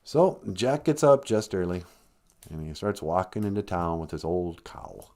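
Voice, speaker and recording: A man with a deep, dark-toned voice hosts a live-stream podcast, retelling a folktale in a loose, joking, conversational style. He's very animated yet unhurried as he spins the story for laughs.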